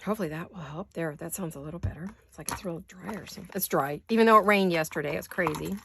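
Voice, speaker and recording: An older woman who is hoarse today, chatting casually while she crafts in her home studio and thinking aloud in wandering asides. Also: fairly low pitch, fast talker, background noise. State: hoarse, deep voice. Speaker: craft vlogger.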